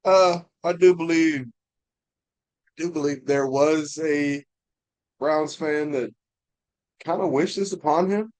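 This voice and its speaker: A man's voice: fairly high pitch, takes it slowly, pauses often, darkish tone. A man co-hosting a sports podcast who chimes in with wry, teasing remarks. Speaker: podcast co-host. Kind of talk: casual sports talk.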